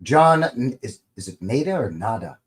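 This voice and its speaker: A middle-aged Canadian man hosts a live stream in a loose, rambling chat. His folksy delivery is full of fillers and restarts. His pitch rises and falls in a lively, animated way. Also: moderate pace.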